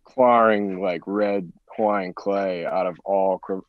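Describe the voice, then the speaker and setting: Male sports agent as guest; lowish voice, loose rambling chat, dry sound. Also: fairly even intonation, slow, dry recording, phone-quality sound. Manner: rambling, with many restarts and "like". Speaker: podcast guest. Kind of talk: casual podcast chat.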